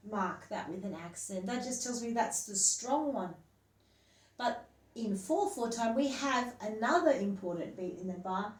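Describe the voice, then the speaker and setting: Woman teacher explaining from across a room. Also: a little high. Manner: explains patiently, counts beats aloud. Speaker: music teacher. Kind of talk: step-by-step classroom explanation. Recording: roomy, distant mic, faint hum.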